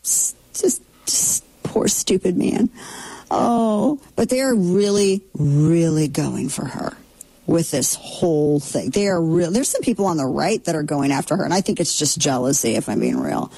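A woman's voice: sits low, very animated, normal speed, creaky, dark tone, husky, low-quality recording. A middle-aged woman hosting a casual commentary show, talking in a sarcastic, opinionated way with mocking asides.

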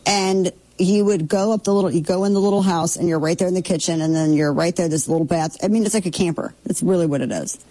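A middle-aged woman riffs through casual commentary with a sarcastic, opinionated edge. Her voice sits a little low and sounds mellow rather than bright. She throws in mocking asides as she talks. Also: fast, hardly any pauses, poor audio. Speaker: commentary show host.

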